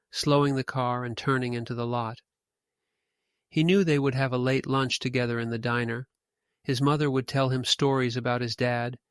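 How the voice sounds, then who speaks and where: A male narrator reading a ghost story in a steady, measured way. His voice sits in a middle pitch and sounds close and dry, with no room around it. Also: smooth, dry recording.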